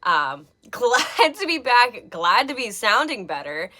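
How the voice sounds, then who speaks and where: Bubbly, lively woman livestream host. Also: fairly high pitch, slow pace. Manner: bubbly, greets viewers by name. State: slightly out of breath. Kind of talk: casual live-stream chat.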